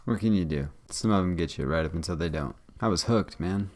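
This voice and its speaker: A man's voice: low voice, fairly quick, a little mellow. A man hosting a reaction video, rambling and joking in casual commentary. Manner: rambling, jokey, thinks aloud.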